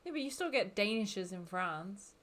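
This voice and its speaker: Bright, teasing woman. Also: mid-range voice, expressive, normal speed. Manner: teasing, playful. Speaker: podcast co-host. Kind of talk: casual film chat.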